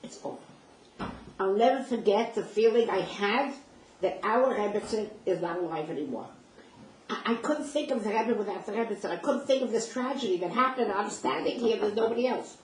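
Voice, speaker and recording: A woman's voice: mid-range voice, a little fast. An older woman tells a personal story in a vivid, emotional way, acting out the dialogue as she goes. Her voice sits in a middle register. She is picked up from some distance in an echoey room, with faint noise underneath. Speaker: speaker sharing personal memories.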